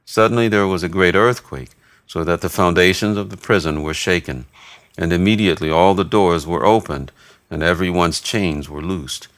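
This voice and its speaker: A man giving a steady, measured reading of scripture, voicing narration and quoted speech alike. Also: low-pitched, no echo. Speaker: scripture reader.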